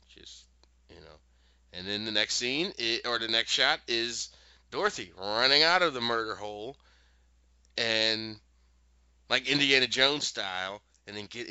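A man casually retelling a show's plot and acting out the characters' lines in quick, animated voices. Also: lowish voice, clear, resonant tone, dry recording. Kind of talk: casual recap storytelling. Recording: dull, lo-fi dry sound.

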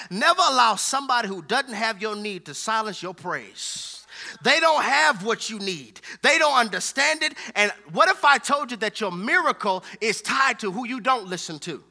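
A male preacher drives his points home with emphatic, repeated phrases. His voice sits very high for a man. It rings bright and sharp throughout. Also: vocal fry. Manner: emphatic, repetitive preaching with a call-and-response feel. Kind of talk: sermon.

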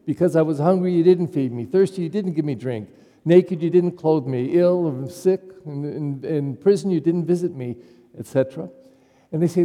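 A man's voice: a little high, moderate pace, mellow. A man who is a pastor, giving a conversational homily and putting questions to his congregation. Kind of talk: sermon. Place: church. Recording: long church reverb.

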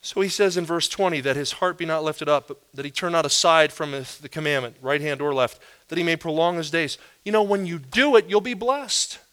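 Bright, emphatic preaching man. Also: brisk, few pauses. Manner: animated, emphatic preaching with rising pitch on key words. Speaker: pastor. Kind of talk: sermon.

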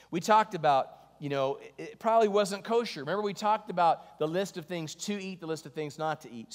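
A man preaching a sermon, reading scripture and telling jokey stories with animated delivery. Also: a little high, big-room sound. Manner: animated storytelling, jokey asides. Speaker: pastor.

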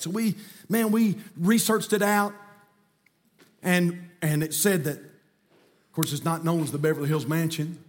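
A middle-aged man, preaching a sermon in a church sanctuary with folksy storytelling that builds to shouting. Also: a little high, steady tone, moderate pace, long pauses. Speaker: pastor.

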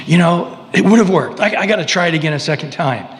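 A preacher mimicking a scheming devil, rushed. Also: male voice, a little high, animated, big-room sound, natural voice. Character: scheming male devil plotting a rematch.

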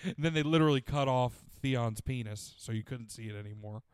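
In a clean studio with no room sound, a man with a medium-pitched, clear, resonant voice talks briskly. He chats casually and crudely, giving a profane, animated retelling of a show and quoting its characters in their voices.

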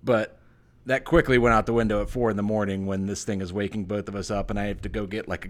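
A man's voice: lowish voice, steady tone, fast talker. A man co-hosting a podcast in casual chat, rambling and sarcastic, with lots of fillers and self-deprecating jokes. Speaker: podcast co-host.

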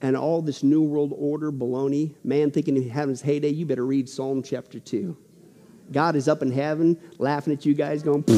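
A man preaching a sermon in an animated, emphatic way with joking asides. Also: fairly high pitch, normal speed, long reverb tail.

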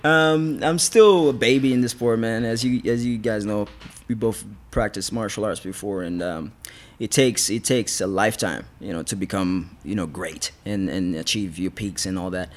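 Rambling, slightly low-voiced man. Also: normal speed, hardly any pauses. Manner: rambling, restarts, laughs often. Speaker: MMA fighter, podcast guest. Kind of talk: casual storytelling interview.

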